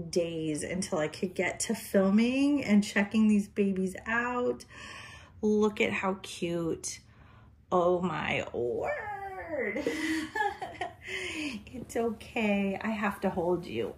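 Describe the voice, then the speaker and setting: A woman vlogger unboxing a doll, cooing and talking softly to it as if to a baby, sometimes dropping to a delighted whisper. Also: medium pitch. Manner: drops into breathy whispers of delight. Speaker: reborn doll collector and vlogger. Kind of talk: gushing unboxing vlog.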